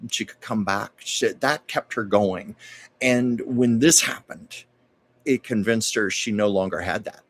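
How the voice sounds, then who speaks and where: A man hosting a livestream, telling anecdotes in a conversational way with little asides. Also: lowish voice. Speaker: host. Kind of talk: storytelling livestream chat.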